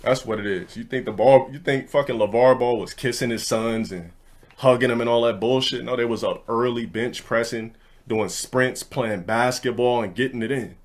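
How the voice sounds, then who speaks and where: A young man rants in a casual storytelling way, with an ordinary mid-range voice. He is blunt, profane and brash, and often rushes ahead mid-thought. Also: medium pitch. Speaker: streamer.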